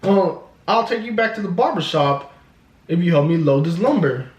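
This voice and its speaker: A man's voice: high-pitched, lively intonation, normal speed. A man voicing a shifty, laid-back grown man who talks in a casual, coaxing way. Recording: echoey room.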